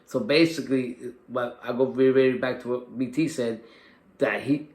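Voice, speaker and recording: A man co-hosting a boxing show in casual chat, talking haltingly with lots of fillers and repeated words. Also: mid-range voice, steady tone, a little mellow, roomy sound. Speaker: co-host. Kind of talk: casual fight breakdown.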